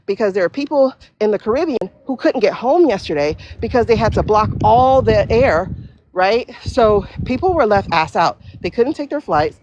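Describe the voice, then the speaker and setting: A woman hosting a casual livestream while walking outdoors, talking in an animated, profane way with quick asides. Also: medium pitch, no echo. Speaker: livestream host. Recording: dull lo-fi livestream audio.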